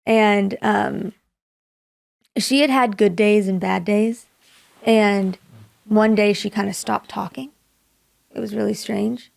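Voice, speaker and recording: A young woman from Maui, a singer-songwriter, telling a personal story in an interview, soft-spoken and dropping to a hush for quoted thoughts. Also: mid-range voice, fairly even intonation, takes it slowly, creaky, long pauses, dry recording. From Maui, Hawaii.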